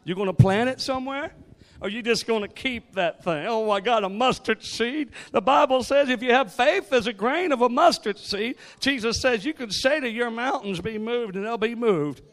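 High-voiced man preaching a lively sermon. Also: normal speed. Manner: joking asides, then rising call-and-response preaching. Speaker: guest preacher.

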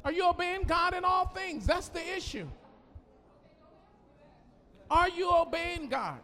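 A male pastor delivers a lively sermon, drawing the room in with call-and-response. His voice sits unusually high for a man. The sound rings out with a long reverb in a church hall. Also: slow pace. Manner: animated, call-and-response, laughing asides.

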